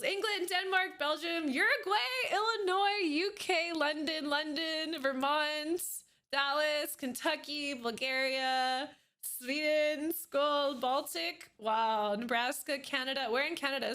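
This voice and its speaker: A woman's voice: sits high, pushed and bright. A woman streamer chatting casually on a live stream, bubbly and giggly as she greets her chat by name. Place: at home at her computer.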